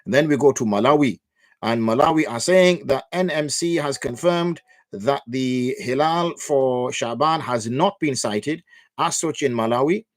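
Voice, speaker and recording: A mufti hosts a religious Q&A livestream, talking loosely and thinking aloud with plenty of fillers. His medium-pitched voice is unhurried, captured in studio quality with no room sound.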